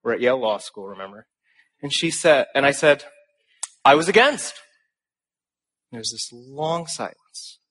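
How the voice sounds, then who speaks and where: A young man giving a speech to a live audience, telling stories in an animated, self-deprecating way. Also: medium pitch, normal speed. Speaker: conference speaker.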